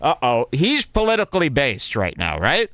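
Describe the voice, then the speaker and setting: A man's voice: mid-range voice, huge pitch swings, normal speed, a bit bright, dry recording. A man hosting a comedy podcast, reacting to clips aloud with sarcastic, mock-enthusiastic commentary. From Texas. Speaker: podcast host.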